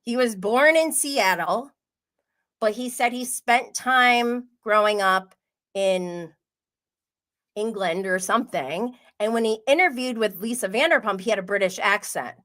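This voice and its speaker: A woman hosting a casual pop culture livestream, chatting quickly with many "like" fillers and frequent laughs. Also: mid-range voice, a bit bright. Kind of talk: casual gossip chat.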